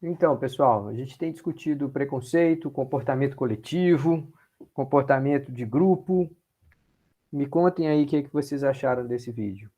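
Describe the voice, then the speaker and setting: A man's voice: mid-range voice, fairly quick. A man with a Brazilian Portuguese accent, a native Portuguese speaker, talking to students as a professor in a casual classroom manner and asking for their views. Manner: relaxed, prompting students for views.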